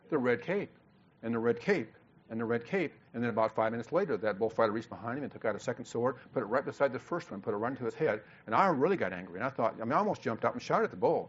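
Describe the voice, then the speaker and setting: An older man from Illinois preaches at a quick clip, moving from quiet, low storytelling to loud, pushing calls to action and often repeating his words as he goes. The recording sounds dull and a bit lo-fi. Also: breathy edge. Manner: storytelling, swings from low asides to loud exhortation. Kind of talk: sermon.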